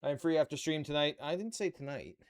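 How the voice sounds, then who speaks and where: Building a model kit on a live stream, a man chats with viewers and mutters to himself as he works. His voice is fairly high-pitched and fairly quick.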